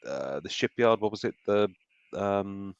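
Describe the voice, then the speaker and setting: Low-voiced man from South Wales chatting. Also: expressive, a little slow, vocal fry, clear, resonant tone, lo-fi sound. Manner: rambling, searches aloud for words. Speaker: host. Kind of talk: casual live-stream chat.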